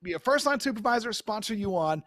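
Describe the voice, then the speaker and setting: A man's voice: sits high, fast, dry recording, studio quality. A man co-hosting a casual podcast, telling a story with lots of laughter and acted-out quotes. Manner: animated, laughing, acts out quoted voices. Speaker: podcast co-host.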